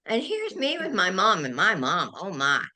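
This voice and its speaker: An older woman, a guest on a talk show, telling animated and emotional stories. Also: mid-range voice, moderate pace, crowd noise. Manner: animated, emotional storyteller who gets carried away. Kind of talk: anecdotal storytelling in a chat.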